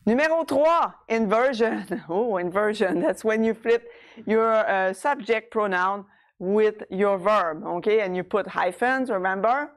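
A woman teaching French grammar in English, patiently checking understanding and sounding out French words slowly. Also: mid-range voice. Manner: switches between French and English, says words slowly to model them. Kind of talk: explaining a language lesson.

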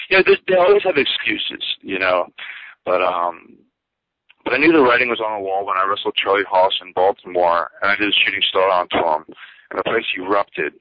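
A man's voice: lowish voice, animated, fairly quick, no room sound. A former pro wrestler, a man, giving a candid, rambling account of his career as an interview guest. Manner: rambling, many fillers and asides. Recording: dull dry lo-fi audio.

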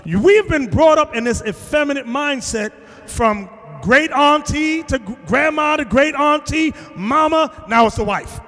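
A man's voice: extremely high pitch, lively intonation, measured pace, a bit bright. A man, a bishop, preaching a lesson in an emphatic, confrontational way and often raising his voice. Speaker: bishop teaching a class. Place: classroom in a large reverberant hall. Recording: long hall reverb.

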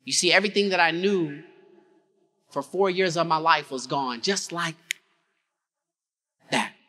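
A male keynote speaker with a high, bright, forceful voice tells his story with dramatic swings and pulls the crowd in with call-and-response. A long reverb from the big conference hall trails his words. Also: measured pace.

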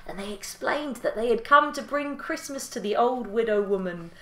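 Expressive woman telling a folk tale. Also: mid-range voice, normal speed, few pauses, reverberant. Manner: lilting and expressive. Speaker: storyteller.

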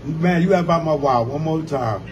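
A man's voice: fairly high pitch, a little fast, background noise. A man ribbing a friend on a phone call in a teasing, mock-threatening way. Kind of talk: comedic phone banter.

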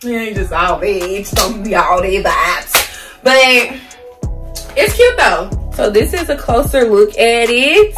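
A woman's voice: mid-range voice, expressive, slow pace. A young woman chatting playfully about clothes she bought, using slang and addressing viewers as y'all. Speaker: haul vlogger. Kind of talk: casual clothing haul chat. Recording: roomy sound, mic at a distance, soft music.

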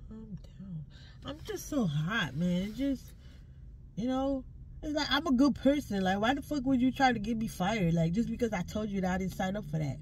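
A woman's voice: fairly high pitch, normal speed, a little mellow, slight background noise. A woman ranting to camera from inside a car, emphatic and full of curse words, preaching between complaints. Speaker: social media creator.

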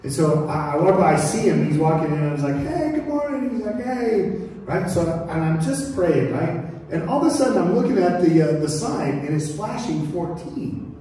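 A man preaching a sermon as pastor, telling stories in a lively, joking way. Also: fairly high pitch, normal speed. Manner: storytelling, animated and joking. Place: church sanctuary. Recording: echoey church hall from far off.

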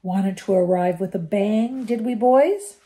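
A woman's voice: medium pitch, measured pace, dark tone, voice pushed up, close to an everyday voice. A woman voicing a cold, sneering, menacing male teacher in a storybook reading.

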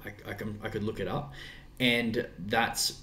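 A man's voice: lowish voice, little pitch movement, measured pace, bright, forceful tone. An Australian man, a guest actor in a casual interview, talking animatedly and repeating words for emphasis.

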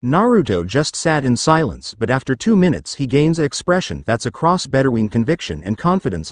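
A man narrating a fan fiction story aloud, plain and steady. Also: mid-range voice, fairly quick, hardly any pauses, no room sound.

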